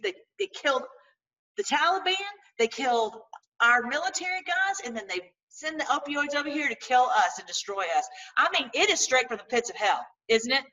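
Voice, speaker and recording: Animated chatty woman, bright voice. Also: on the high side, distant mic, rough recording. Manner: animated, chatty, religious, with many restarts. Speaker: political commentary host. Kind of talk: casual monologue to viewers.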